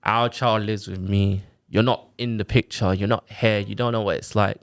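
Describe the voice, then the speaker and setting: Low-voiced man telling his story. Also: moderate pace. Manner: animated retelling with quoted exchanges, fillers like "like" and "innit". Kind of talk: casual chat, personal story.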